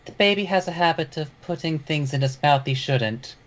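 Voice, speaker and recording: A man's voice: on the high side, moderate pace, pitched above the performer's own voice, natural voice. A man speaking in a put-on woman's voice to pass on a coded phrase. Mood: sly. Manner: coded, sly.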